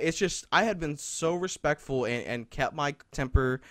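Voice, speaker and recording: This young male podcast host has a voice on the high side, a little bright, delivered at a measured pace with no echo. He rambles through a long story in casual chat, swearing, using plenty of fillers, and getting worked up along the way.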